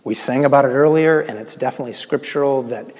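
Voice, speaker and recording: A male pastor giving a sermon, swinging between loud emphatic lines and slow, hushed, near-whispered ones. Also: mid-range voice. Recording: long echo of a large hall.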